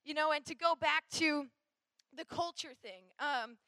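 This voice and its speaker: A woman's voice: high voice, unhurried, sharp tone, dry recording. A woman from Minnesota giving a chatty, rambling youth sermon, full of fillers and asides.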